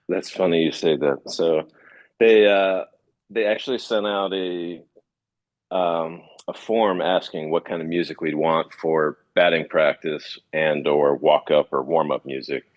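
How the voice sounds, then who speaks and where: A man in his thirties from California, a former pitcher telling stories in an easygoing interview, with many fillers and restarts. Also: steady tone, a little slow, dull audio. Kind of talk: relaxed storytelling interview.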